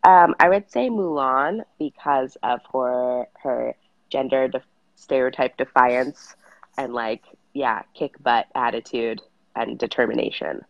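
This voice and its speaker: A woman's voice: rumbling low, a little slow, gravelly, no echo, lo-fi sound. A woman in her late twenties from Southern California, chatting as an interview guest, bubbly, laughing often, saying "like" a lot. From San Fernando Valley, California. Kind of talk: casual interview chat.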